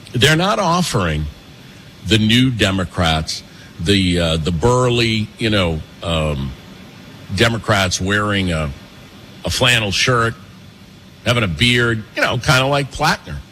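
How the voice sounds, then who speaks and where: A man hosts a political commentary show from a cafe, his bright, forceful voice swooping up and down as he hammers home points with quick repetitions. Faint background noise sits under his talk. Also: lowish voice. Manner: animated, emphatic, fast, with repetitions. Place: pastry shop and cafe.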